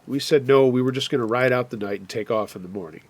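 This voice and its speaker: A man retelling a true scary camping story in a steady, plainspoken way. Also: medium pitch, fast talker. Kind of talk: narrated first-person scary story.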